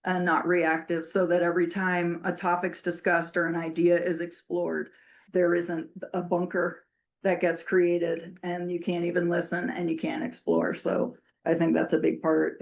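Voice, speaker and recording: A woman's voice: lowish voice, monotone, normal speed, gravelly. A woman on the city council, answering questions and giving a persuasive closing statement at a community candidate forum. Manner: earnest, persuasive speech with a rallying tone. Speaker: city council member running for mayor.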